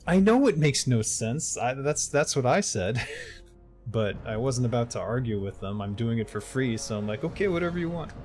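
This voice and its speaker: A man's voice: medium pitch, animated, normal speed, music in the background. A middle-aged man streaming a game live, muttering to himself as he plays and then chatting openly with his viewers. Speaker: game streamer and voice-over narrator. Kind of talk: casual live gaming stream chat.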